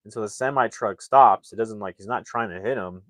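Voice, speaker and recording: Speaking a little fast in a fairly low voice, a young man reviews a film by rambling through what happens in it. The recording is dry, and he brings the story to life by acting out lines from the characters.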